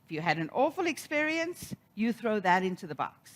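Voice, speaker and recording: Middle-aged woman preacher, animated storyteller with a lively, swooping delivery. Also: mid-range voice, fairly quick. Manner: storytelling, animated, acts out quoted voices. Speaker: minister. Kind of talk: sermon.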